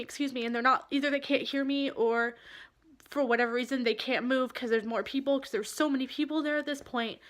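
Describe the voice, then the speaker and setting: A woman vlogger recounting a personal experience straight to the camera. Her voice sits a little high, and she speaks earnestly, pausing and restarting as the feeling catches up with her. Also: fairly bright tone. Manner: earnest, halting, emotional. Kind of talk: candid personal storytelling.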